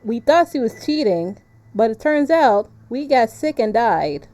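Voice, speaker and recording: Woman game streamer, unhurried and mellow, chatty and easy to laugh. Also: fairly high pitch, lively intonation. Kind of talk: casual gameplay commentary.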